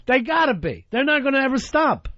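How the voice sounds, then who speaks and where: High-voiced profane radio host, muffled. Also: male voice, very animated, fairly quick, bright, forceful tone, no room sound. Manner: crude, rambling, acts out voices in stories. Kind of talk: profane comedic talk radio banter.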